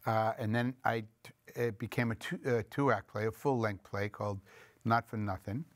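A man's voice: on the low side, fairly even intonation, normal speed, no echo. A man, a film director, telling stories in an interview in a reflective way and acting out quoted voices. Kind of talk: storytelling interview.

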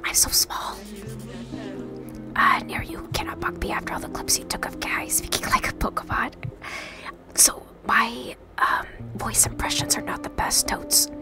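A woman's voice: on the high side, level tone, moderate pace, creaky. A woman streamer in whispered role-play, reading game dialogue aloud and answering chat in a whisper. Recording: music playing behind the whisper.

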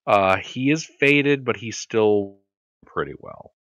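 A man's voice: lowish voice, slow pace, fairly bright tone, no echo. A man running a tabletop game as game master on a live stream, talking casually and crudely, often restarting his sentences. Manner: casual, crude, stumbles and restarts when explaining.

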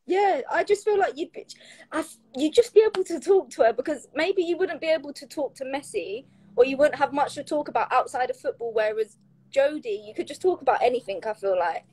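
A woman's voice: high voice, brisk, dark tone. A woman hosting a casual interview chat on a livestream, friendly and asking follow-up questions. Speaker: host.

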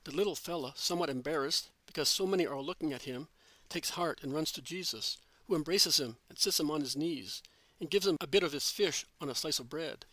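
A man reading devotional narration aloud at a steady, measured pace. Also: fairly high pitch, dry recording. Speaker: reader.

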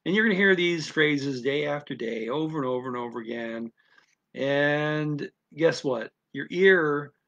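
A man's voice: on the high side, gravelly, a bit bright. A man giving a casual spoken lesson on learning a language, rambling with many restarts.

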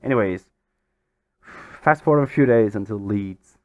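A man hosting a gaming channel, giving excitable, exasperated let's-play commentary over a football management game. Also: on the low side, moderate pace, dry recording, muffled recording. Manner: exasperated, excitable, swears mildly.

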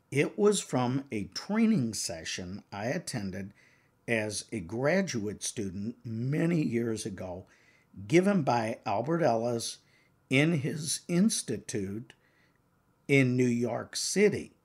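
A man's voice: mid-range voice, darkish tone, breathy edge. An older man, a professor and exam-prep author, lecturing earnestly and emphatically to counseling exam takers.

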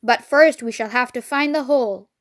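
Woman doing grumpy farmer Bunce, gruff and mean. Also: sits high, moderate pace, close to an everyday voice. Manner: gruff and scornful.

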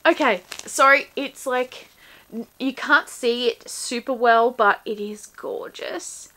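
Bright-voiced woman unboxing stuff, gasps n gushes, slow easy pace, faint hiss. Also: fairly high pitch. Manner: excitable, gasping and gushing over items. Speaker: book box reviewer. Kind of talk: casual unboxing vlog.

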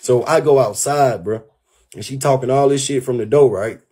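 Husky man ranting on a livestream. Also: medium pitch, moderate pace. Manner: profane, animated, keeps saying "bro". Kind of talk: heated storytelling rant.

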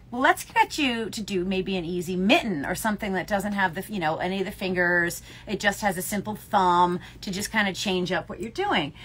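Animated laughing woman storyteller. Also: medium pitch. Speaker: podcast co-host, yarn shop owner. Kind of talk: casual chat.

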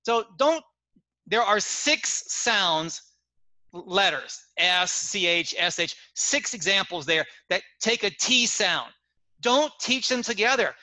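Casting: high, bright-voiced male teacher trainer, lively explainer, dry video-call sound. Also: slow pace, dry recording, low-quality recording. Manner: animated explaining with examples. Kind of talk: webinar lecture.

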